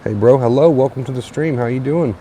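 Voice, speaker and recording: A young man hosting a late-night livestream on a tablet, a little tired, relaxed and repetitive, with plenty of uh and um. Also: medium pitch, a little fast, slight background noise. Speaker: livestream host. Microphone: tablet mic.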